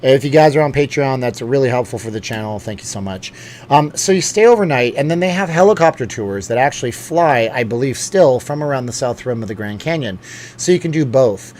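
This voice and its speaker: A man's voice: medium pitch, animated, brisk, darkish tone, slight background noise. A man hosting a casual live stream, reading out viewer comments and rambling, with lots of fillers and restarts. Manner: chatty and rambling, with many fillers and self-corrections.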